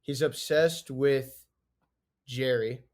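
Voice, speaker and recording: Flat-toned man explaining a film's premise. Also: mid-range voice, extremely slow. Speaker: podcast co-host. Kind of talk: casual film discussion.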